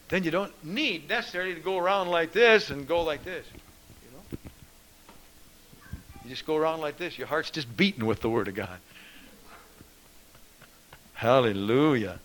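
A man preaching a fervent sermon, reading scripture in a ringing voice and swinging between loud proclaiming and hushed asides. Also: medium pitch, rough recording.

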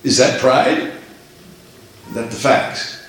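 A man's voice: mid-range voice, sing-song, takes it slowly, a bit bright. A man preaching a sermon emphatically, acting out the voices in scripture. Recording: echoey room.

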